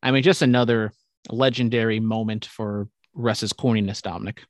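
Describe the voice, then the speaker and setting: A man's voice: lowish voice, steady tone, no echo, clean studio sound. A young man hosting a casual sports podcast, rambling and swearing freely as he goes through picks. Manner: rambling, profane, quick asides. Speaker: podcast host.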